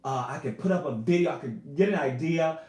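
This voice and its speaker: Singer guy on a home livestream, kinda high voice, heartfelt, talks to y'all, roomy echo. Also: a little fast. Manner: emotional, earnest, animated, addresses viewers as y'all. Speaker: YouTuber and singer. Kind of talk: casual live-stream chat.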